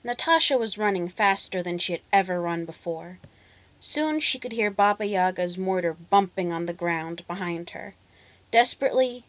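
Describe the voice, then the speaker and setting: A woman reads a folk tale aloud with expressive, dramatic pacing. Her voice is mid-pitched and the sound is close and dry, with no room around it. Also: no echo. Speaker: storyteller. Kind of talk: storybook narration.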